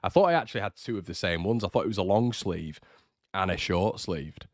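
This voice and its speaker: The fan channel host talks a little fast in a low voice, teasing viewers and chatting through their comments with lots of fillers and restarts. There's no room sound, and the audio is studio quality.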